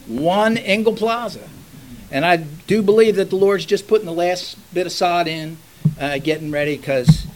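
A man's voice: high-pitched, rough recording. An older man, a pastor preaching a sermon in a folksy storytelling manner that rises into fervent exhortation.

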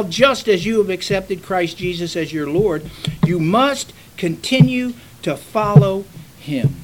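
An older man preaches a sermon in a high, lifted voice, folksy and full of homespun stories. He swells into fervent calls to his congregation. A faint hiss sits under the recording. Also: low-quality recording. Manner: folksy, storytelling, rising to fervent exhortation. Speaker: pastor.

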